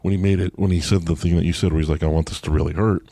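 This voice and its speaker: A man's voice: sits low, fairly even intonation, very fast, gravelly, warm tone, no echo. A man co-hosting a casual movie podcast, eagerly walking through scenes he loved. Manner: enthusiastic, retells scenes step by step. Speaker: podcast co-host.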